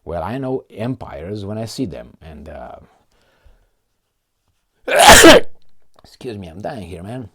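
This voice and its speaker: Male vlogger, low-voiced, lively pitch, mocking and profane. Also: slow, pauses often, husky. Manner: sarcastic, profane, mocking, laughs often. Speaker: political commentary vlogger. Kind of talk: casual political commentary, reading articles aloud.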